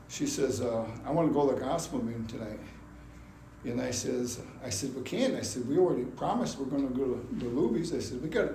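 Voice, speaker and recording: An older man giving a personal testimony at a gospel meeting, telling his story in an animated way and acting out his past anger. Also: a little high. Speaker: testimony speaker. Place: gospel hall. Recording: echoey hall, faint background noise.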